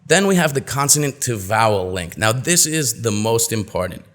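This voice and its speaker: A man giving an online pronunciation lesson as a coach, explaining patiently and saying example phrases slowly and clearly. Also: mid-range voice, very animated, fairly bright tone. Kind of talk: webinar lesson.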